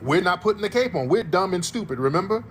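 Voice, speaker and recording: A man's voice: high voice, lively intonation, quick pace, fairly bright tone, slight background noise. A man from the United States hosting a livestream, ranting in heated, profane reaction commentary and repeating his points for emphasis. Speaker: livestream host.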